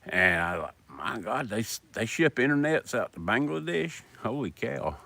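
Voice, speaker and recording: A man's voice: medium pitch, big pitch swings, normal speed, gravelly, pushed and bright, dry recording. A middle-aged man from South Carolina with a Southern accent, rambling in a folksy way as he chats to viewers on a live stream outdoors by a fire at night. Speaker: livestream host. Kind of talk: casual live stream chat. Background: dogs.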